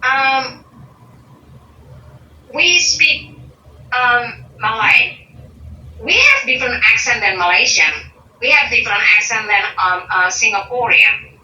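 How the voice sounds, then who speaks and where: A woman's voice: a little high, animated, takes it slowly, long pauses, pushed and bright. A woman from Indonesia, a non-native English speaker, talking as an interview guest, hesitant with restarts but firm when she makes a point. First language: not English. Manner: hesitant, with many restarts and fillers, then firm and emphatic. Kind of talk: casual interview conversation. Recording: distant, dull, echoey recording with faint noise.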